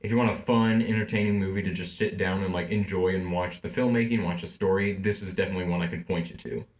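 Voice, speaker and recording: Low-ish guy rambling about movies, lots of "like", echoey room. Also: steady tone, fast. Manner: rambling, heavy use of "like". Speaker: podcast co-host. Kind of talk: casual chat. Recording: roomy echo.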